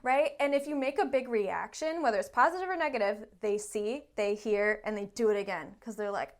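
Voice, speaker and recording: Woman, therapist, podcast chat, fairly high voice, animated, acts out quotes, swears casually. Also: moderate pace. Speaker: therapist guest.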